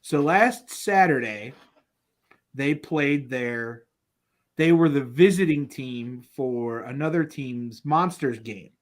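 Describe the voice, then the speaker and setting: A man in his thirties co-hosting a casual podcast, telling family stories in an animated way and laughing through them. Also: mid-range voice, slow pace. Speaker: podcast co-host. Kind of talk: casual chat.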